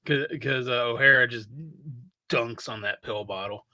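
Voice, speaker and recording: A man's voice: medium pitch, steady tone, normal speed, a loud crowd. A man co-hosting a podcast, chatting animatedly about a film, swearing and laughing often. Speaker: podcast co-host. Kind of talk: casual movie review chat.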